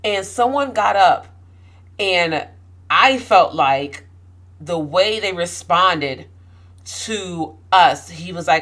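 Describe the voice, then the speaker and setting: A woman vlogger with a fairly low, slightly bright, animated voice speaks slowly to camera about her own experiences. She's outspoken and passionate, often restarting and building emphasis.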